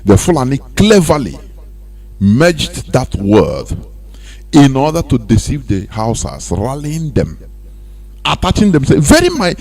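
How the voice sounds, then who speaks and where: A Nigerian man giving animated radio commentary, laughing often and slipping into Pidgin. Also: medium pitch, unhurried. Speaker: radio presenter.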